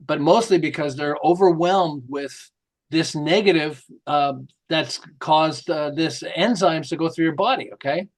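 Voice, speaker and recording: A middle-aged man, a marketing author, telling lively stories in an interview and acting out the quotes. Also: on the high side, a little slow. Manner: lively, jokey, acts out quotes with laughs. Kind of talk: animated storytelling interview.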